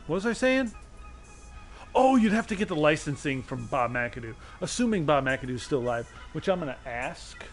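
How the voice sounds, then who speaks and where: A man's voice: a little high, big pitch swings, normal speed, faint music behind. A man streaming a game from his desk at home, rambling playfully and laughing often. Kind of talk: casual let's-play commentary. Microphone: desk mic on a stand.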